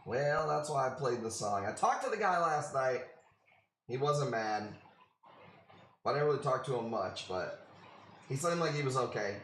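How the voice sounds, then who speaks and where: A man's voice: mid-range voice, lively intonation, moderate pace, pauses often, a bit bright, a little hiss or hum. A man hosting a casual live stream, laid-back and slangy, greeting viewers by name. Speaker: live stream host selling corals. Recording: echoey room with faint ambience.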